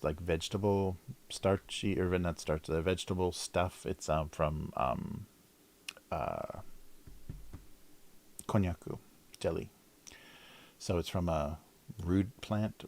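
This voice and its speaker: Slow, low-voiced middle-aged man rambling. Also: darkish tone. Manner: rambling, self-interrupting, laughs often. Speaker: cartoonist livestreamer. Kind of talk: casual livestream chat while drawing.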